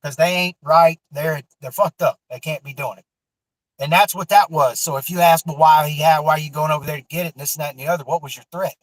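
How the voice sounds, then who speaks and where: A man's voice: on the high side, steady tone, quick pace, no room sound, poor audio. A man telling a personal story in a loose, rambling way, swearing freely and stumbling through many fillers and restarts. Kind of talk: casual storytelling on a livestream.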